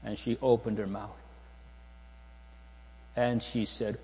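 A man's voice: on the low side, level tone, slow, long pauses, mellow, husky, big-room sound. A man preaching a solemn sermon in a church, asking the congregation repeated rhetorical questions.

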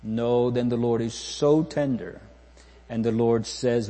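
A man's voice: medium pitch, steady tone, slow, dark tone, big-room sound. A man preaching a solemn sermon in a church, asking the congregation repeated rhetorical questions.

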